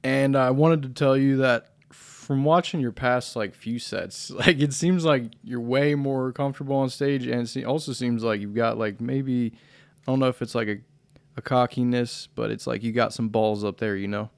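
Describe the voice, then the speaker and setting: A young man hosting a podcast in casual, rambling chat, laid-back and quick to laugh and swear. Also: medium pitch, steady tone, gravelly, clear, resonant tone, dry recording. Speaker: podcast host.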